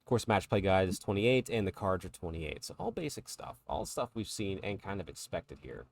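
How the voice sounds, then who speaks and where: A man's voice: sits low, big pitch swings, normal speed, gravelly. A man co-hosting a podcast, talking casually and chattily about tabletop miniatures and laughing along with his co-host. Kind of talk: casual chat.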